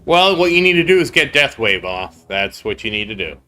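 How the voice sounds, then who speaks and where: A man's voice: medium pitch, sing-song, brisk, bright, forceful tone, faint music behind. A man telling a rambling story on a casual game stream, breaking off to answer viewers in chat. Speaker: gaming streamer.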